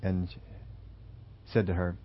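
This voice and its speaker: A man delivers a sermon through a long illustration story, pausing and restarting as he goes. His voice sits low, and the recording is muffled and lo-fi. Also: little pitch movement. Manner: halting, with fillers and restarts. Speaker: preacher.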